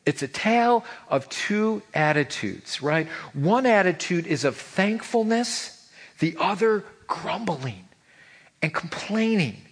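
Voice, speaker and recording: A man preaching a sermon as pastor, animated and calling out questions to the congregation. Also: high voice. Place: church sanctuary. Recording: reverberant church hall.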